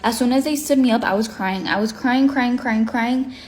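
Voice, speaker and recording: Brief: woman vlogger, slightly high voice, lively storytime delivery, acts out her own lines, flips between languages. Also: normal speed. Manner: mixes English and Spanish mid-sentence. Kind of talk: get-ready-with-me storytime vlog.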